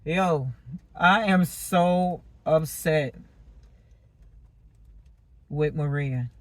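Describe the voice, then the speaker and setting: A woman doing a casual tarot reading monologue, animated and slangy, laughing and cursing as she talks. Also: low voice, drawn-out words, dry recording. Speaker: tarot reader.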